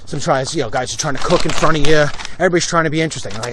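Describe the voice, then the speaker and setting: A man's voice: on the high side, fast, few pauses, background noise. Fired-up man ranting on a street walk. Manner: blunt, fired-up, heated. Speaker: political commentator. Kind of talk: walk-and-talk livestream rant. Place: outdoors on a street. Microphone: phone held while walking.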